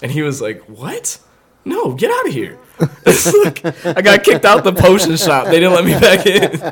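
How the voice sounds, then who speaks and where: A young man tells a wild story with an easy, laughing delivery and a voice that sits a bit high for a man. He keeps breaking into laughter and acts out quick voices for the people in his tale. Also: over a noisy crowd. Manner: animated, laughing often, acts out quoted voices. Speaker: podcast host. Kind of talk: casual comedic storytelling.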